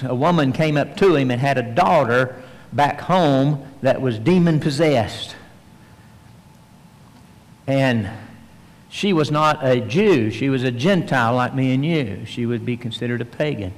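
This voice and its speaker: A man preaching a sermon in a folksy storytelling manner, swinging between animated emphasis and hushed, soft passages. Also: medium pitch. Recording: long reverb, large hall.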